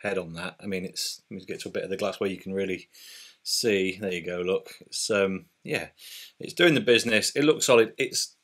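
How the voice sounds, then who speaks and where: A man's voice: sits low, fairly quick, fairly bright tone. A British man hosting a casual beer review vlog, chatty and upbeat with loose fillers. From Britain.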